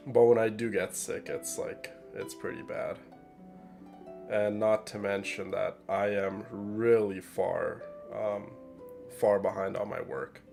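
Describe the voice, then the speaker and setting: Sick nasal man with gravelly voice. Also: on the low side, steady tone, takes it slowly, over music. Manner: rambling, chatty with viewers. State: sick, congested. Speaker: gaming streamer. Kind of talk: casual let's play commentary.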